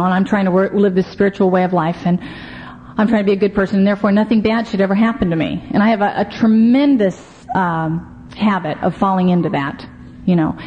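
Her voice mid-range and darkish, a middle-aged woman tells her story at a recovery meeting with candor and self-deprecating humor, leaning often on "you know." Faint hiss runs through the muffled, low-fidelity recording.

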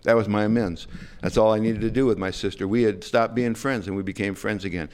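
A man's voice: lowish voice, steady tone, fairly quick, darkish tone. A man sharing his story at a recovery meeting, rambling and self-deprecating with lots of fillers. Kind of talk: humorous personal storytelling.

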